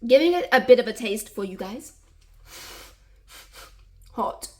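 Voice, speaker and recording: A woman's voice: a little high, lively intonation, a little slow, warm tone. A woman talking casually as she cooks in her own video, chatty and repetitive, often saying "y'all". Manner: chatty, repeats words, laughs, says "y'all". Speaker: cooking vlogger.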